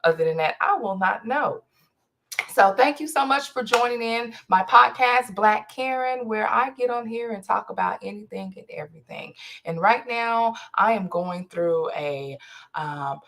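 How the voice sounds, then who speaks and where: A woman's voice: mid-range voice, a little slow, vocal fry, a bit bright. A woman hosting a casual solo podcast, telling a family story and acting out both sides of the conversation. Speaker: podcast host.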